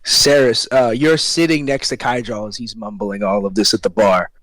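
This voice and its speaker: A man's voice: fairly low pitch, steady tone, moderate pace, fairly bright tone, no room sound, low-quality recording. A man narrating a tabletop game as game master, joking and punning. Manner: jokey, punning, laughs often.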